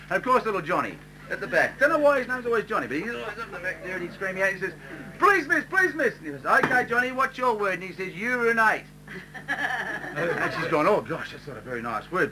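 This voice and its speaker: A man telling a long joke at a live community show, chatty, acting out each character's lines. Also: high voice. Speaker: stage performer telling a joke. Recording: noisy live stage recording.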